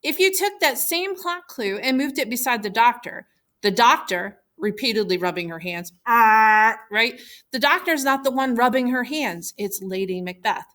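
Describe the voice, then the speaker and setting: A woman teacher giving a recorded lesson, explaining clearly and patiently. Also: on the high side, lively intonation, moderate pace, fairly bright tone.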